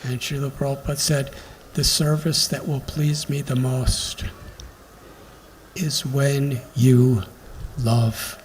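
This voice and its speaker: A man giving a devotional lecture, telling stories slowly and reflectively with emphatic pauses. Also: mid-range voice, flat delivery. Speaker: spiritual lecturer. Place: temple hall during a pilgrimage. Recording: long hall reverb, faint background noise.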